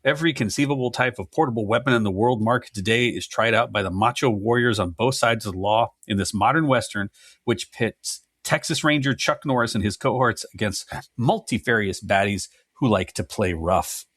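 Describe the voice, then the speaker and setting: A man's voice: on the low side, brisk, a bit bright, no echo, studio quality. A man co-hosting a casual movie podcast, joking and reading critics' reviews aloud with wry asides. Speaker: podcast co-host.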